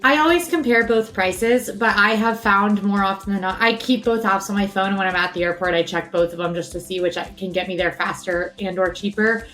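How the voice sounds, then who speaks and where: A woman co-hosting a casual chat speaks at medium pitch in a brisk, slightly bright voice, barely pausing, with faint music behind her. She's chatty and explains things at length, peppering her talk with lots of "like"s and "um"s.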